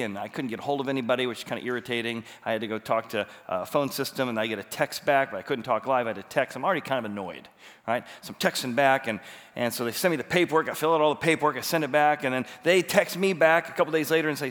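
A man in his forties preaching a sermon, telling a personal story with animated, rising emphasis. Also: mid-range voice, rapid-fire. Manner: animated storytelling, rising to near-shouts when retelling his frustration. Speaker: pastor. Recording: long reverb of a large hall.

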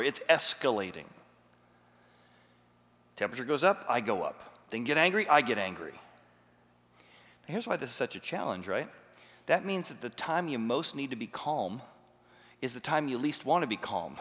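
A man's voice: medium pitch, very animated, normal speed, a bit bright. A man preaching a sermon as a pastor, teaching emphatically and asking rhetorical questions. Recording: long hall reverb.

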